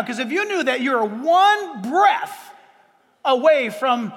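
A man preaching a sermon as pastor, emphatic, with dramatic pauses and sudden bursts of force. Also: very high-pitched, big pitch swings, fairly bright tone, in a large hall.

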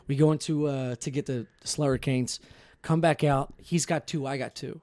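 A man's voice: medium pitch, steady tone, moderate pace, darkish tone, no echo. Profane rambling man telling stories. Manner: profane, rambling storyteller with many restarts. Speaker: podcast guest storyteller. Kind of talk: casual podcast chat.

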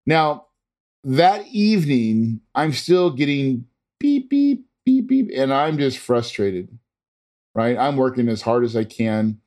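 A man's voice: medium pitch, lively intonation, takes it slowly, a little mellow. A man earnestly telling a personal story in a casual, rambling way, with frequent restarts and fillers. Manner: imitates monitor beeps.

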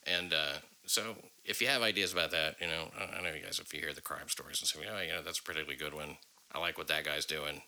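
Male podcast host, deep and gravelly, loose and profane. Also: steady tone, fast, sharp tone, rough recording. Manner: rambling, profane, many fillers. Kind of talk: casual podcast chat.

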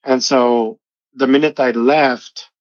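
A man's voice: medium pitch, steady tone, slow, no room sound. A middle-aged man, earnestly telling his personal testimony as an interview guest. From Mexico. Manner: earnest, emotional storytelling. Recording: dull lo-fi audio.

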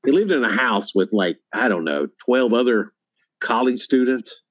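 A man's voice: mid-range voice, normal speed. A middle-aged man telling a story as a podcast guest, acting out quotes with gusto. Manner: animated storyteller, acts out quotes loudly. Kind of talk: casual chat, storytelling.

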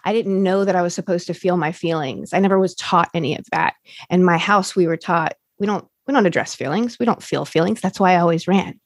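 A woman's voice: fairly low pitch, a little fast, no room sound, studio quality. A woman, now a recovery coach, candidly telling her recovery story in a rambling way, full of fillers and restarts.

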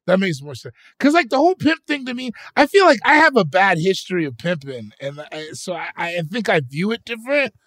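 A young man co-hosting a casual podcast, animated and rambling, often restarting his sentences. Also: high voice, a little fast, hardly any pauses, no room sound. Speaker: podcast co-host.

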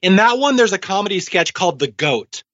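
A man's voice: sits high, big pitch swings, a little fast, a bit bright. A man in his forties co-hosting a podcast, talking casually and eagerly, often laughing. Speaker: podcast co-host. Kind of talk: casual chat. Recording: dull lo-fi sound.

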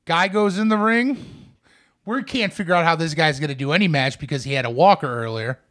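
A man's voice: fairly high pitch, brisk, a bit bright. A man co-hosting a casual podcast, telling a long rambling story full of "like" and acted-out quotes. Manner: rambling, many "like" fillers, acts out quotes. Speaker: podcast co-host.

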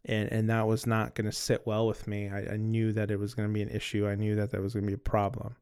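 A candid man telling his own story on a podcast, swearing freely and stumbling over repeated words. His voice is low and smooth, with a narrow, flat melody. He records on cameras. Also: fast. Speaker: podcast host. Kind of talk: casual personal storytelling. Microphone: recording on two cameras.

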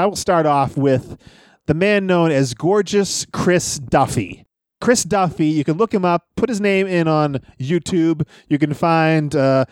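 A man talking casually on a podcast, wandering from one old story to the next and laughing as he goes. His voice sits a bit high and sounds smooth and clear. The sound is close and dry. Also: dry recording. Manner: rambling storyteller, laughs often. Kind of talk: casual wrestling podcast chat.

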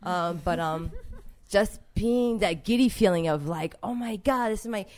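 A woman's voice: medium pitch, measured pace, darkish tone. A young woman being interviewed about her street art, talking in a casual, emotional way full of fillers.

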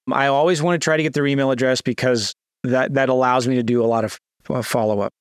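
A man teaches a real estate sales script in a casual screen-share, his medium-pitched voice steady, fast and smooth. He acts out seller calls in a lifted, eager way between plain explanations with fillers and restarts. The recording is studio quality with no room sound.

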